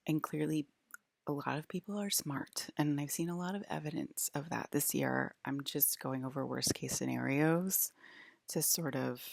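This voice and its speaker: A woman's voice: low-pitched, moderate pace, vocal fry, no room sound, clean studio sound. A young woman rambling casually to her viewers in a vlog, full of "like" and restarts. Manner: rambling, filler-heavy, lots of "like". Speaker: vlogger.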